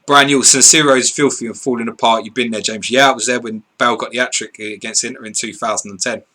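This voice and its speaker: A man's voice: medium pitch, fairly even intonation, quick pace, sharp tone. A man, co-hosting a live stream, reading viewer questions and answering in blunt, sweary, casual chat. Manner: blunt, sweary, laughs easily.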